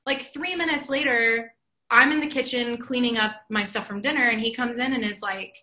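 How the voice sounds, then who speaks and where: A woman's voice: on the high side, moderate pace, bright, forceful tone. A woman in casual chat, telling a story in an earnest, reflective way and acting out the dialogue she quotes.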